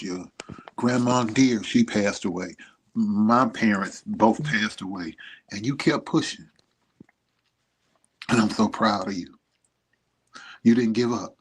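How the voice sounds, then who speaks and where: A middle-aged male vlogger gives an emotional, rambling message to his son through a streaming setup, speaking tenderly and proudly. His voice is mid-range and husky.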